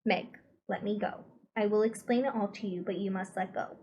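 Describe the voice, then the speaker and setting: Lady reading as a little boy under a spell, flat calm, creepy reasonable. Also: medium pitch, moderate pace, lo-fi sound, lightly acted. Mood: coldly calm.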